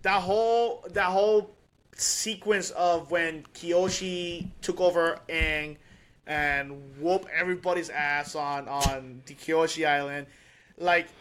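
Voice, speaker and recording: A man co-hosting a podcast, chatting casually and excitedly, rambling with restarts and laughs. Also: on the high side, slow. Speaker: podcast co-host. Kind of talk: casual chat.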